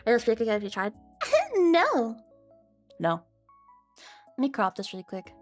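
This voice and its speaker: A woman's voice: mid-range voice, a little fast, faint music behind. A woman streamer chatting casually on a livestream, laughing often, swearing and mocking herself. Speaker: VTuber streamer.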